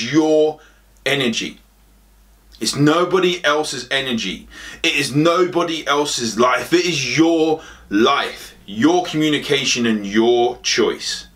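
A man's voice: mid-range voice, a bit bright. A man, a health coach giving a motivational talk, emphatic and direct, hammering his points with repetition.

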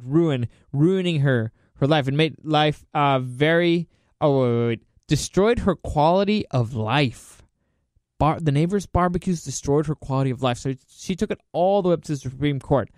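A man's voice: fairly high pitch, dry recording, studio quality. Sarcastic, foul-mouthed man ranting. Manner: sarcastic, profane, mocking; animated, laughs often. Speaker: podcast host. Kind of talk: solo podcast rant.

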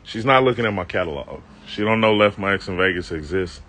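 A low-voiced man spinning a comic tale from his own life for a live stream, loose and slangy, breaking off for joking asides to whoever is watching. He is out on a city street, with the faint sound of the block behind him. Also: animated, fairly quick, a bit bright, a little hiss or hum. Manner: loose, slangy, self-mocking, with asides to viewers. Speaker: comedic vlogger telling a story. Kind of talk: casual storytelling to a live-stream audience.

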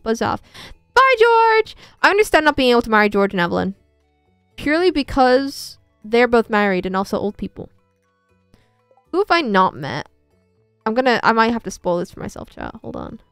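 A woman streamer chatters through her game, her pitch leaping up and down as she jokes at her own expense. Her voice is smooth and clear, dry and close to the mic, over faint background music. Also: expressive, fairly quick, fairly bright tone, no room sound. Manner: chatty, self-mocking, talks to chat. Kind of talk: casual gameplay commentary.

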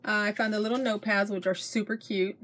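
A woman's voice: mid-range voice, fairly even intonation, quick pace, fairly bright tone. A middle-aged woman, gushing over her shopping finds to her viewers in casual show-and-tell chat. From Texas. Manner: chatty, gushing, addresses viewers as you guys. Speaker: haul vlogger.

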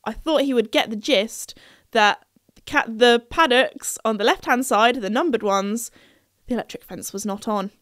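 A woman's voice: a little high, a bit bright, dry recording, studio quality. A young woman hosting a podcast, telling a story in a chatty, playful way and laughing at herself. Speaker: podcast host.

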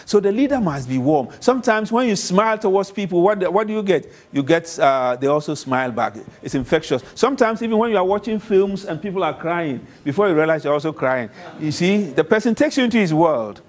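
A man's voice: sits high, animated, a little fast, hardly any pauses, low-quality recording. A man with a Ghanaian accent giving a university classroom lecture, often repeating points and checking understanding with "okay?" as he calls on students.

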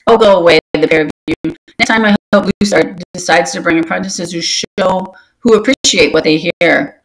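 A woman's voice: on the low side, normal speed, lightly acted, rough recording. A woman voicing a stern, wise old male warrior cat who lectures young apprentices in a storybook reading. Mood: stern lecturing. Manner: gently scolding, lecturing.

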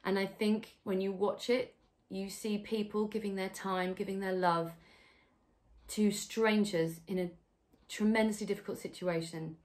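A woman's voice: medium pitch, steady tone, measured pace, darkish tone. A woman in the cast of a musical, speaking heartfelt words from home. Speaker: musical theatre cast member. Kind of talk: remote interview answer. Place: home during lockdown.

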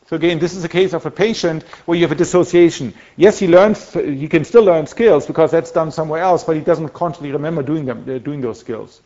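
A man's voice: on the high side, a little fast, hardly any pauses, mellow, muffled recording. A man giving a university lecture in a conversational way, with many restarts and fillers as he corrects himself. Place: lecture hall.

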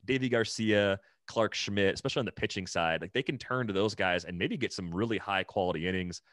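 A man's voice: fairly low pitch, brisk, fairly bright tone, no room sound, studio quality. A man co-hosting a podcast, talking through baseball in a casual, analytical way with lots of "like" and restarts. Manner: analytical, thinks aloud with many "like" and restarts. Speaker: podcast co-host.

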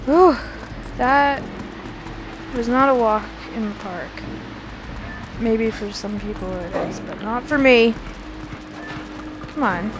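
Brief: young woman, high voice, slow-spoken, panicky swearing let's play commentary, game music behind. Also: noisy background. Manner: screams, swears and pleads at enemies.

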